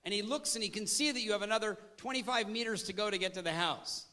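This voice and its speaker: A man giving an energetic, interactive training talk on service, often putting questions to his audience. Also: high-pitched, fast.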